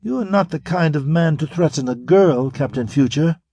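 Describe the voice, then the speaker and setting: A man's voice: a little high, moderate pace, warm tone, highs cut off, a little hiss or hum, voice pushed up, natural voice. A man putting on a sultry, fiery alien woman. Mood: seductive. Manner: purring, then spitting fury.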